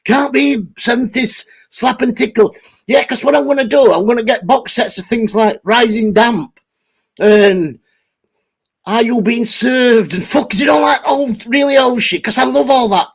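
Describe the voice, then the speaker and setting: A man's voice: very high voice, normal speed, slightly rough. A middle-aged man, rambling and swearing as he chats with his live stream viewers. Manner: sweary, laughs often, talks to chat by name.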